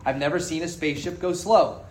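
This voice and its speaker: A man's voice: a little high, brisk, darkish tone, a little hiss or hum. A man sharing his story at a recovery meeting, frank and joking, swearing freely as he speaks to the group. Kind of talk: candid personal testimony to a group. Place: meeting room with an audience. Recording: roomy hall echo.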